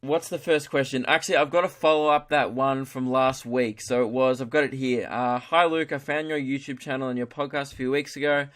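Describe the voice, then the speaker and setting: A young Australian man talks straight into his podcast mic, rambling through a comedy bit with broad slang. He swears freely and keeps mocking himself. His voice sits at an ordinary middle pitch. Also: steady tone, fairly quick, hardly any pauses, a bit bright. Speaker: podcast host. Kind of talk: casual solo comedy podcast.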